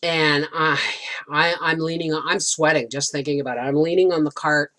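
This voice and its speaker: Chatty middle-aged woman, lowish voice. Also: steady tone, moderate pace, fairly bright tone. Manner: chatty, rambling, many restarts. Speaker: homesteading vlogger. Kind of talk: casual storytelling to camera.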